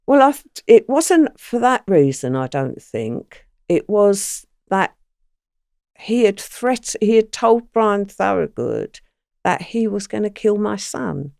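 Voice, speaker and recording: Gravelly older woman telling stories. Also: medium pitch, slow, no echo, studio quality. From England. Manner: animated storyteller, acts out quoted lines. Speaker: guest. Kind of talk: recounting crime memories in a podcast interview.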